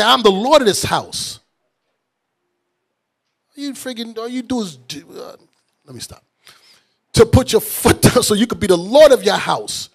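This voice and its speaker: Animated, blunt male preacher. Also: high voice. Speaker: bishop and teacher. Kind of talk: fiery street-style sermon.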